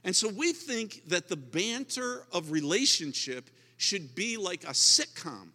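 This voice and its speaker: A man's voice: sits high, big pitch swings, a little slow, pushed and bright, big-room sound. A man preaching a sermon as pastor, emphatic and repetitive, often restarting his words.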